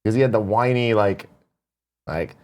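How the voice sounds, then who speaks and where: A man's voice: mid-range voice, lively intonation, a little fast, darkish tone. A young man co-hosting a morning talk show, chatting casually, swearing freely and mimicking lyrics in put-on voices. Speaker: podcast co-host. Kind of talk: casual chat.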